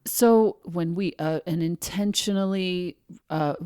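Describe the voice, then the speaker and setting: A woman's voice: on the low side, slow pace, a little mellow, smooth, no echo, studio quality. A woman hosting a podcast interview, asking brief, attentive questions. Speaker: podcast host.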